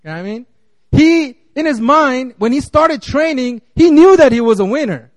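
A man with a high voice preaches in an easygoing, conversational way, tripping over restarts and little fillers. The sound is close and dry. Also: expressive, normal speed, no echo. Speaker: guest preacher. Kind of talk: casual sermon.

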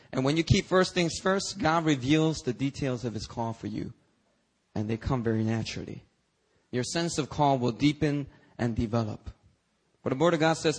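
A male pastor preaching a sermon, acting out dialogue with God and Jesus and jumping into high shouts. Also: slightly rough. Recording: preached live in a church.

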